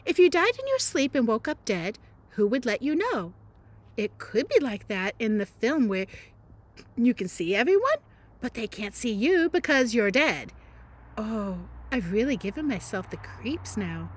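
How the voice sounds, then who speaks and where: Woman, teacher, dramatic read-aloud, playful asides, fairly high voice. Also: sing-song, measured pace. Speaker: teacher reading a novel aloud. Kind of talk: expressive read-aloud narration.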